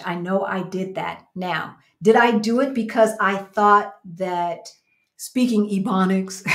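An American woman in her fifties, co-hosting a casual livestream chat and telling stories in a reflective way. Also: medium pitch. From United States. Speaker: livestream co-host. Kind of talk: casual chat, reading viewer comments.

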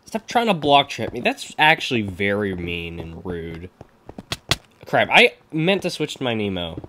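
Young guy doing excitable game commentary, laughs a lot, voice jumps all over, noisy mic with mouse clicks. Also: fairly low pitch, a little slow. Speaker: gaming commentator. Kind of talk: live gameplay commentary.

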